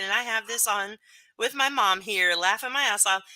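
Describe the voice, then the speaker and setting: A woman's voice: medium pitch, brisk, bright, forceful tone, no room sound. A woman streamer chatting casually with her live chat and reading comments aloud, laughing often between remarks. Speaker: livestreamer.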